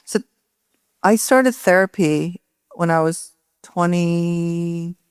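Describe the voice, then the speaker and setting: Lively woman telling a personal story. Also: on the low side, takes it slowly, clean tone, no room sound, clean studio sound. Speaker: author, guest. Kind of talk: onstage public conversation. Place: indoor event stage.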